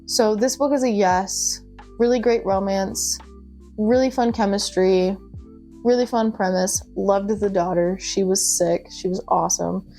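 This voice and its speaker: Young adult woman, casual book vlogger, gushy and chatty, medium pitch, faint music bed. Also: measured pace, warm tone. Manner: chatty and gushing, with laughs and asides. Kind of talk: casual chat.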